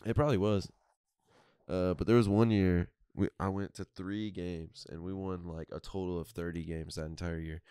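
A young man tells loud, profane stories between bursts of laughter. His voice sits low and comes through clean and smooth. The recording is close and dry. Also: moderate pace, no echo. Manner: profane, animated storytelling, laughs often. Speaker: podcast host. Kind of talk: casual chat.

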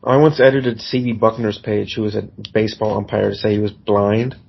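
A man in his twenties cohosts a casual podcast with a gravelly, husky voice that sits a little low. He delivers his jokes deadpan and laughs easily. The sound is dull and lo-fi. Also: fairly quick. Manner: joking, deadpan, laughs often. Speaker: podcast co-host. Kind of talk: casual chat.

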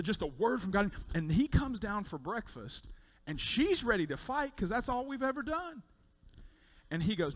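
High-pitched, animated preaching man. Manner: animated storytelling preacher, repeats words when excited. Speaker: pastor. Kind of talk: sermon. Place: church sanctuary.

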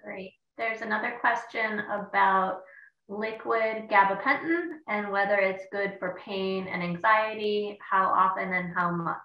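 A woman moderating a webinar, reading out audience questions from the chat. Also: medium pitch. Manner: brisk, reads questions with a slip. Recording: dull, echoey, distant call audio.

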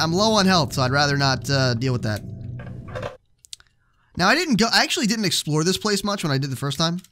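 A man's voice: on the high side, background noise. Jumpy young male horror gamer. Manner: jumpy, joking, swears when startled. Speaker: let's play gamer. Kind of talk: horror game commentary.

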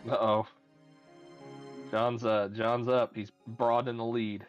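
A man's voice: mid-range voice, flat delivery, takes it slowly, lo-fi sound, faint music behind. Casual man running a tabletop game. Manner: loose, thinking aloud with many fillers. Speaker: game master.

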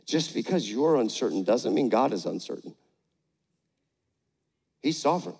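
An older man preaching a sermon on stage, energetic with the crowd and gentle with a child. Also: medium pitch, moderate pace, vocal fry, husky. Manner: energetic, rallies the crowd with call-outs; gentle and playful when talking to a child. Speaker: pastor. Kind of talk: sermon with a live demonstration. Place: large church auditorium, on stage. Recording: echoey large church hall.

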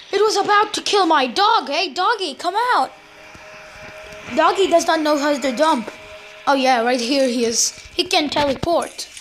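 A woman hosting a let's play, excitable and jokey, exclaiming at every surprise. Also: high-pitched, a little hiss or hum. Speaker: gaming channel host. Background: game music.

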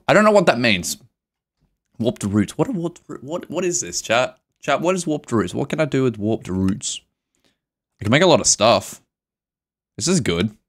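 A man's voice: medium pitch, sing-song, normal speed, long pauses. A young man live streaming a video game, talking to his chat with melodramatic mock grief, swearing and laughing. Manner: reads chat aloud and answers it.

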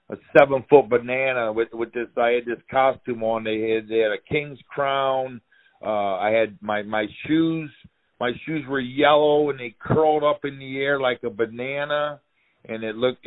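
A man, a former fighter, telling wild career stories in a casual, profane, animated way. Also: mid-range voice. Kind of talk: casual storytelling interview. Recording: tinny phone-like line.

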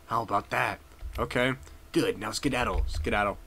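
A man voicing a gruff, shady male school janitor who talks in folksy, old-fashioned slang. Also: fairly low pitch, normal speed, bright, forceful tone, slight background noise, voice pushed down.

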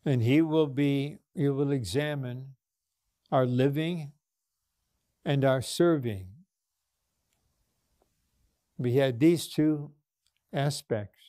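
A man preaching a sermon in a slow, deliberate cadence. His voice is dark and mellow, recorded dry and close. He speaks earnestly, stopping to ask his listeners questions. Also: mid-range voice, no room sound. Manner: slow, earnest, with frequent restarts and rhetorical questions. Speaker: minister.

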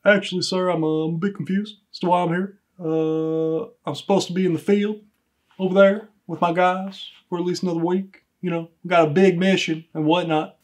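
A man plays a clueless border patrol officer in a comedy sketch, eager and deferential, saying sir at every turn. His voice sits high for a man, and he rambles through flustered excuses. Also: steady tone, a little fast, lightly acted.

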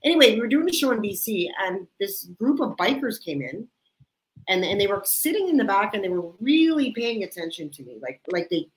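A woman's voice: medium pitch, sing-song, fairly quick, echoey room, low-quality recording. A woman from Canada hosting a casual chat, telling stories and laughing often. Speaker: host.

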